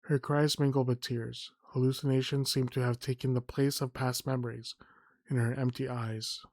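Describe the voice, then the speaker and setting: A man reading a game's story text aloud in a soft, unhurried way, sometimes stumbling and correcting himself. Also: mid-range voice, level tone, dry recording. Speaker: gameplay narrator. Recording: faint music behind.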